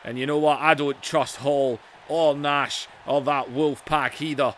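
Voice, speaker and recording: A brash older wrestler, as a gamer puts him on, swaggers and brags in a cocky drawl. The voice is somewhat high, with a light wash of noise behind it. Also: male voice, steady tone, a little slow, fairly bright tone. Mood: defiant. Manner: cocky, swaggering trash talk. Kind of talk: mock wrestling promo over a video game.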